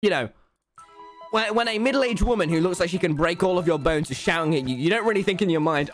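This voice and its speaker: A man's voice: fairly high pitch, fast. A young man, a gaming streamer telling a jokey story and acting out the voices. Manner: animated, jokey, acts out every voice. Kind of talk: casual storytelling while gaming. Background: faint game music.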